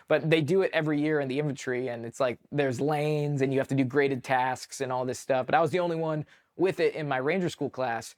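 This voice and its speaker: A man from California, an army veteran guest telling a story casually, animated, with many fillers and swearing. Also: mid-range voice, brisk. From California, USA. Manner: animated, filler-heavy, profane.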